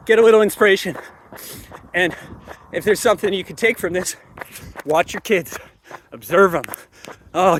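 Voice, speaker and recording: A man delivering an animated, emphatic solo rant, repeating phrases for effect. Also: on the high side, slight background noise. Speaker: parenting commentator. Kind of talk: solo ranting monologue to camera.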